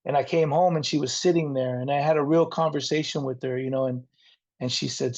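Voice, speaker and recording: Here a middle-aged man, a rock frontman from near the Mexican border in the San Diego area, reflects earnestly on his life as an interview guest, with his faith at the center. He speaks a little fast in a steady, mid-range voice with a darkish tone. The audio is dull.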